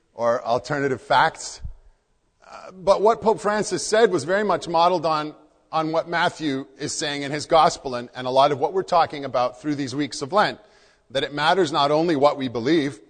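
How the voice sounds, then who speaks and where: An earnest male pastor delivers a sermon at a middle pitch, leaning on repeated phrases to drive his points home. His voice carries through a church with a long, ringing reverb.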